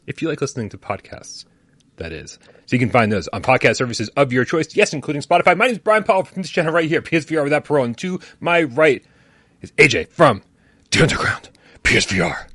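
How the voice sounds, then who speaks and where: Lively joking male podcast host. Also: mid-range voice, husky, no echo. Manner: animated, joking, rambling asides. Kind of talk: casual live show banter.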